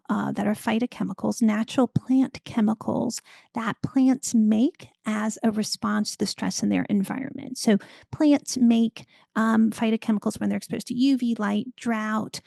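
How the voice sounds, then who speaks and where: A woman guest expert in an interview, explaining health science in an informative, measured way. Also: fairly high pitch, fairly even intonation, gravelly, mellow, no echo.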